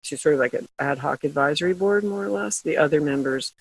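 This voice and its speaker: Gravelly middle-aged lady chatting away, laughs a lot, dry close mic. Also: sits low, fast, no echo, rough recording. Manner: chatty storytelling, laughs often. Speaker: guest, glassware company founder. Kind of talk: casual interview chat.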